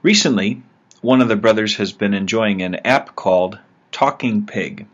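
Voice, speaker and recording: A man, a religious brother, giving a scripted spiritual reflection in a measured, reflective and gently humorous way. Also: fairly low pitch. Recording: dull lo-fi recording.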